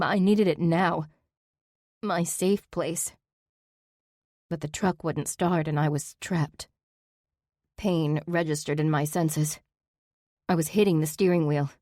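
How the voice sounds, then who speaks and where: A woman narrates a first-person fantasy story in a low, unhurried voice. Her delivery is intense and emotional. The recording is close and dry, with no room sound. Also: warm tone, dry recording. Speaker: audiobook narrator.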